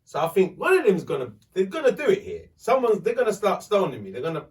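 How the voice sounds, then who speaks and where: A man, hosting a podcast and telling a story in a lively, profane way. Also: high-pitched, quick pace, far from the mic. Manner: animated, swearing, acts out voices in his story. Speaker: podcast host. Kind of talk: casual storytelling.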